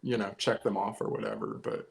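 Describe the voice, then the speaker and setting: A man's voice: lowish voice, fairly even intonation, fairly quick, rough recording. A man co-hosting a casual podcast chat from home, weighing his opinions carefully and hedging as he goes. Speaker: co-host. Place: home, remote live show during lockdown.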